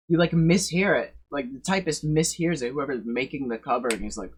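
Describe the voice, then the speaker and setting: A man streaming and reacting casually, swearing and breaking into loud excited bursts. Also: mid-range voice, fairly quick, hardly any pauses, slightly rough.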